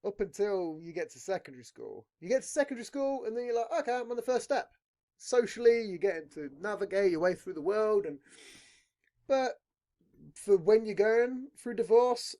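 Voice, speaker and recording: Lively, foul-mouthed podcast host. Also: male voice, sits high, normal speed. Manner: swears constantly, rambling and blunt. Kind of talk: casual podcast chat.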